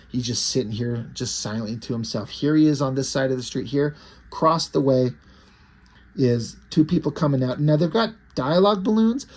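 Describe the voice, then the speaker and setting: A man reviewing a comic book in casual talk, retelling the plot with excitement, swearing freely and acting out the characters' lines. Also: fairly high pitch.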